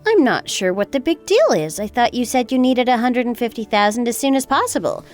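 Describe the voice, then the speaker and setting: A woman's voice: a little high, big pitch swings, fairly quick, soft background music. A woman playing a calculating young wife in a texting-story drama, sweetly polite yet cutting. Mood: sweetly businesslike. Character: cool, calculating young wife getting even. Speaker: daughter-in-law.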